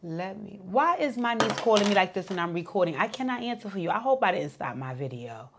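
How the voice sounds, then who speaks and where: A woman's voice: mid-range voice, big pitch swings, a little fast, a little hiss or hum. A woman giving a casual, profane recap of a reality show episode, acting out what the cast said in voices. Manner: chatty, profane, acts out quotes in voices.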